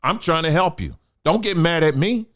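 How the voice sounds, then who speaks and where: A man's voice: fairly high pitch, lively intonation, moderate pace, fairly bright tone. A man hosting a commentary show, delivering an emphatic, preachy monologue. He calls his listeners family and repeats phrases for emphasis. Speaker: show host.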